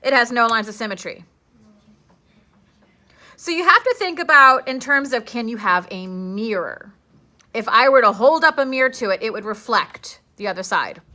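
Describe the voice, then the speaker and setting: A woman's voice: a little high, lively intonation, moderate pace, bright, forceful tone. A young woman teaching a classroom lesson, chatty and playful, asking her students questions as she works.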